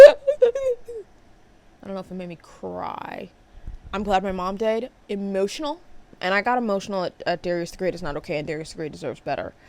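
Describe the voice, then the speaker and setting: A young woman vlogging about books in a casual, expressive way, with sarcastic asides and casual swearing. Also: medium pitch, gravelly. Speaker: book vlogger. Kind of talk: casual chat.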